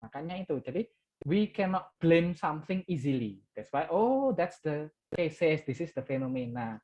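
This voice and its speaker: A man's voice: fairly high pitch, big pitch swings, moderate pace, a little mellow. A man with an Indonesian accent giving a university lecture, switching between English and Indonesian and often tagging sentences with "ya". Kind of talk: classroom lecture. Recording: muffled lo-fi audio.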